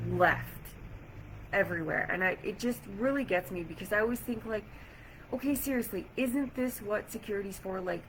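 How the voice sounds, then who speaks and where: A woman's voice: mid-range voice, slight background noise, poor audio. Chatty woman telling a story to camera. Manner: chatty, animated retelling with frequent "like". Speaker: vlogger. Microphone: camera or phone mic.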